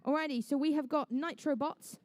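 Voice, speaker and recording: A young English woman calls the action as referee, her voice pitched high and bright above most women's. She keeps up a playful, joking patter, and the sound is close and dry, with no room echo. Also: fairly even intonation, brisk. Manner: playful, chatty, jokey asides. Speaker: referee and match commentator. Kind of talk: live event commentary. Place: indoor competition venue.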